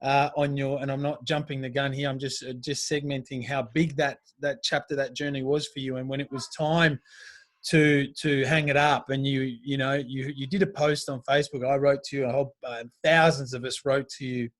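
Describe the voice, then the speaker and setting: A man hosting a casual podcast, circling through long, halting questions. His sound is dry and close. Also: medium pitch, level tone, no echo. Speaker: podcast host. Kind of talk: casual interview.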